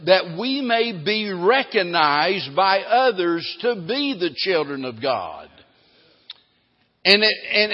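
Pastor, male, high-pitched and emphatic, drawn-out stressed phrases, muffled lo-fi church recording. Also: long reverb tail. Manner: emphatic preaching, slowing down to stress key phrases. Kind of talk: sermon.

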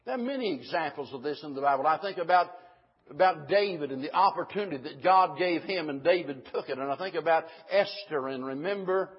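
A man's voice: fairly high pitch, lively intonation, fairly quick, lo-fi sound. A man preaching a sermon to a congregation, building from conversational asides to fervent, emphatic declarations.

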